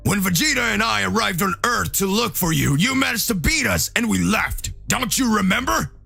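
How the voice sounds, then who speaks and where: A man's voice: sits high, animated, moderate pace, vocal fry, bright, forceful tone, slightly rough, faint music behind, pitched above the performer's own voice, heavily acted. A man voicing a furious male warrior scolding his younger brother in a fan-made story narration. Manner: angry, scolding.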